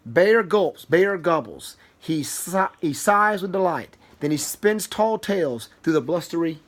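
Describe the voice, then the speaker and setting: A man's voice: on the high side, unhurried. A man reads a rhyming picture book aloud to a young child, swinging his voice up and down with lots of expression. He is encouraging and playful, stopping to praise the child's guesses. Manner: animated, sing-song, praises the child.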